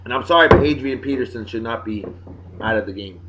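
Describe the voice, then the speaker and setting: A man hosting a casual video blog, giving jokey shout-outs to friends in a boisterous way that swings between loud and soft. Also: mid-range voice, quick pace, heavy background noise. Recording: dull lo-fi sound.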